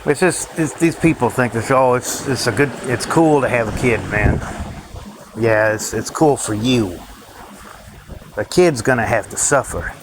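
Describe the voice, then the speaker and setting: A man's voice: medium pitch, measured pace, background noise. A man in a bitter, cursing rant to his viewers, laughing between complaints. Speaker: vlogger. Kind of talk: ranting monologue to viewers.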